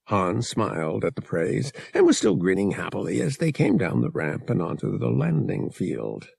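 A man narrates a novel in a measured storytelling voice, pitched fairly low with a gravelly, slightly husky grain. His delivery rises and falls with lively expression. The recording is dry and close. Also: no room sound. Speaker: audiobook reader. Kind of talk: scripted narration.

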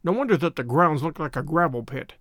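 A man voicing a calm, keen male detective who speaks in a crisp, firm way. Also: fairly high pitch, brisk, no room sound, clean studio sound. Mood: matter-of-fact.

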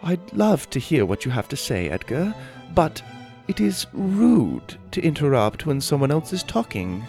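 A prim, courteous young boy in a children's storybook, speaking in a put-on British accent, as a male narrator plays him. His voice sits a little higher than a grown man's and swings lively from word to word. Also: measured pace, faint music behind, exaggerated voice. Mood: prim, polite.

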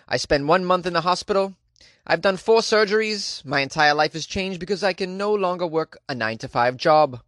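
A man voicing a chatty Jamaican woman who is dazed after a crash, in a high sing-song put-on accent. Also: a bit bright, no room sound, studio quality.

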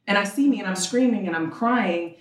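A woman's voice: mid-range voice, a little fast. A woman in her thirties, a podcast guest telling a raw, emotional personal story and acting out the voices in it. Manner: raw, emotional, acts out quoted exchanges. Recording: roomy sound from a distant mic.

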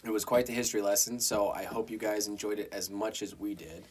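A young man with a Colorado accent hosting a podcast, cracking crude jokes and bursting out loudly in casual banter. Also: lowish voice, fairly even intonation, quick pace, slight background noise. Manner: crude, joking, loud outbursts. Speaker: podcast host.

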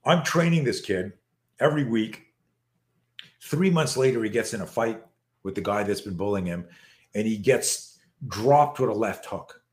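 A man in his sixties, a podcast guest, telling a story in an animated, profane way with many restarts. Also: fairly low pitch, moderate pace. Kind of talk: storytelling in a conversation. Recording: roomy echo.

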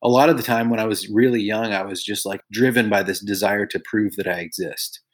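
A man's voice: lowish voice, steady tone, a little fast. A middle-aged man, a podcast guest, telling personal stories in an earnest, reflective way and livening up when he quotes other people. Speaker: guest, songwriter and author. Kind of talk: conversational storytelling.

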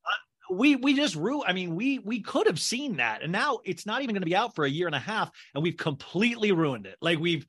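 Man, podcast co-host, high voice, bright, rambling casual chat. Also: breathy edge. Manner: rambling, animated, quick asides.

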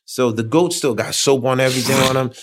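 A man telling a funny story casually, animated and slangy, acting out the other people's voices. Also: medium pitch, fast talker, dry recording, clean studio sound. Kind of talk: casual anecdote.

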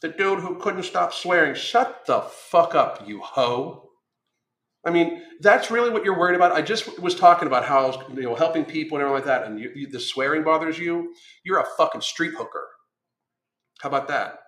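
A man's voice: a little high, fast, fairly bright tone, echoey room. Blunt, foul-mouthed man ranting. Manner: blunt, combative, heavy swearing. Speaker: weight-loss coach and podcast host. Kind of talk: profane ranting monologue.

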